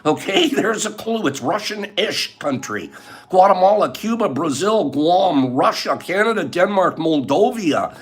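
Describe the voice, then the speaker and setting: Playful older man, lively voice. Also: high-pitched, measured pace. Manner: playful and joking, laughs often; reads out viewer answers. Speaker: livestream host. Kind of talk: casual live chat with viewers.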